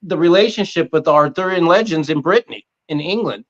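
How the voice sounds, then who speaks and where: A man's voice: a little high, animated, fairly quick, muffled recording. A man hosting a podcast on a video call, enthusiastic and rambling in casual chat. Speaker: podcast host.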